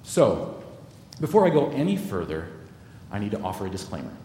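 A man's voice: huge pitch swings, fairly quick, warm tone. A man preaching a sermon, teaching through a Bible passage and speaking directly to the congregation. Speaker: pastor. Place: church sanctuary. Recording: echoey hall with long reverb, faint rumble.

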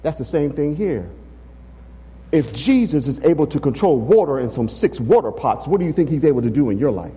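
A pastor preaches with an unusually high, mellow voice, pressing his congregation with rhetorical questions. He speaks emphatically from the pulpit. His words ring out with the long reverb of a church sanctuary. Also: very animated, fairly quick, slight background noise. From Texas. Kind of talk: sermon.

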